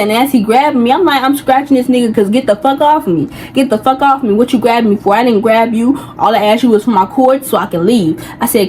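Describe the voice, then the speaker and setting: A woman's voice: on the high side, fast talker, few pauses, dark tone, slight background noise, rough recording. A young woman telling a personal story in a heated, venting way, full of slang and rambling asides. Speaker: vlogger. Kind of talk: casual storytime rant.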